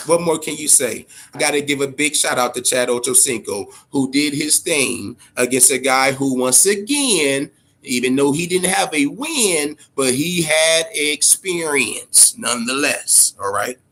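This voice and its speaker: A man hosting a boxing talk show, giving casual, profane commentary in an animated way, often repeating words and tagging on "man" and "all right?". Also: mid-range voice, unhurried. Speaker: boxing podcast host.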